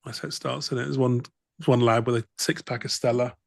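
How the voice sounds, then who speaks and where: A man reads a document aloud on a comedy podcast, then drifts into wry, deadpan asides. His voice sits at a middling pitch. The sound is close and dry with no room echo. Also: quick pace, vocal fry. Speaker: podcast co-host.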